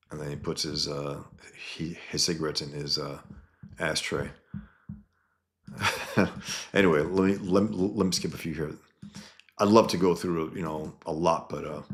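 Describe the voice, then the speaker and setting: Low-voiced man rambling about his comic. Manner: rambling, with many restarts and asides. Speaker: cartoonist presenting his own comic book. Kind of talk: casual talk to viewers while showing pages.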